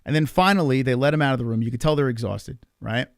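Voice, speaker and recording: A man hosting a livestream, telling a behind-the-scenes story in a casual, animated, profane ramble full of fillers. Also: medium pitch, fast talker, vocal fry. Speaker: livestream host. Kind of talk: casual storytelling to a live chat.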